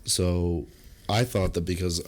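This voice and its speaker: A young man with a very low voice tells a rambling party story on a casual podcast. He swears freely and keeps jumping into shrill, loud acted quotes. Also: slow. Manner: animated storyteller, jumps high into acted quotes; swears freely, comic deadpan asides. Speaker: podcast co-host.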